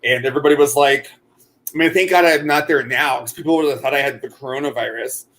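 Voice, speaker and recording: A man's voice: mid-range voice, fast talker, fairly bright tone. A man co-hosting a casual chat while crocheting, rambling with many fillers and restarts. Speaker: co-host.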